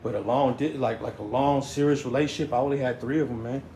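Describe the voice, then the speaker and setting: A medium-pitched man with a slightly mellow tone talks fast, keeping his intonation fairly even. His casual story is rambling, broken by stammers, restarts and repeated "you know what I'm saying," and the echoey room carries faint noise.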